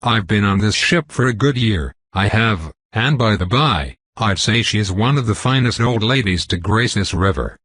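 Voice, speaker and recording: A man's voice: on the low side, lively intonation, moderate pace, hardly any pauses, fairly bright tone, no room sound. A man voicing a boastful, grouchy older male riverboat pilot with a Southern accent, rambling in a folksy, self-important way.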